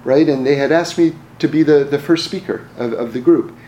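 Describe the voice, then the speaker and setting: A man's voice: on the high side, brisk, dark tone, a little hiss or hum. A man telling personal stories in a casual, rambling way, often restarting his words and chuckling. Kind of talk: casual storytelling talk. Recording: roomy echo, faint ambience.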